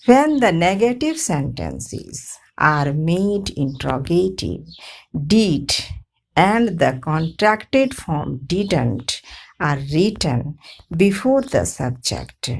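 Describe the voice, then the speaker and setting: A woman teaching a grammar lesson, drilling example sentences in a measured, methodical way. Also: fairly low pitch, sing-song, creaky, husky. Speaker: English teacher.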